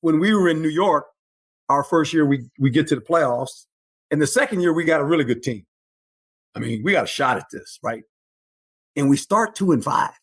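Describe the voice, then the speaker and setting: Animated husky older man telling stories. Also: fairly high pitch, moderate pace, long pauses. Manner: animated, repeats phrases, emphatic bursts. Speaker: guest, former football coach. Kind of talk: storytelling interview.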